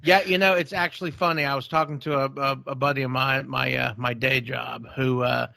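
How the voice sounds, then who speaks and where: A man's voice: medium pitch, steady tone, fairly quick, gravelly, bright, forceful tone, no echo. A man, co-hosting a podcast and telling jokey, folksy stories in casual chat. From Texas. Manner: jokey storyteller, folksy phrasing. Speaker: podcast co-host.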